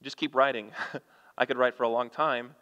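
A muffled recording, drenched in a church hall's long reverb, captures a pastor with a bright, forceful, steady medium-pitched voice at normal speed. He reads scripture with growing emphasis and asks the congregation questions.

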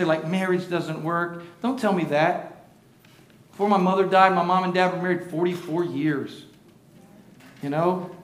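High bright-voiced older male pastor preaching. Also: echoey room. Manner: preaching with call-and-response, rising to shouts. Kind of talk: sermon. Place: church sanctuary.

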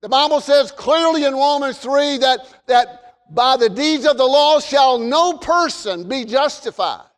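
A man preaching a sermon from the pulpit in an emphatic way, repeating phrases and rising to shouts. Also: very high voice, measured pace, few pauses. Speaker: pastor. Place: church sanctuary. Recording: long reverb of a large hall.

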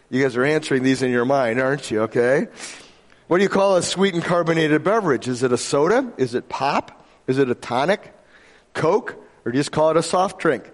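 Chatty pastor from Michigan, reverberant hall. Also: male voice, fairly high pitch. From Michigan, USA. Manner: conversational, jokey, asks the audience questions. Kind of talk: sermon. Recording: long reverb of a large hall.

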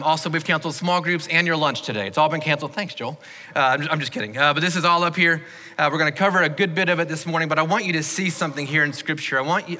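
A man's voice: on the high side, bright, forceful tone. A man preaching a sermon as pastor, conversational and encouraging, with small jokes to the congregation. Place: church sanctuary. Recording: long hall reverb.

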